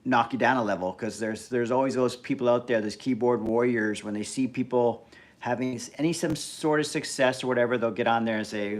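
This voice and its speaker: A man hosting a casual live stream, talking bluntly in an animated rant that is full of swearing. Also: medium pitch, a little fast. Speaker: livestream host.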